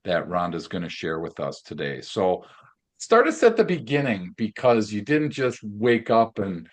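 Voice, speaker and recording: A male podcast host with a fairly low voice. He talks earnestly and encouragingly, circling a little before he gets to the question. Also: big pitch swings, a little slow. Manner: earnest, encouraging, slightly rambling. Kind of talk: interview host.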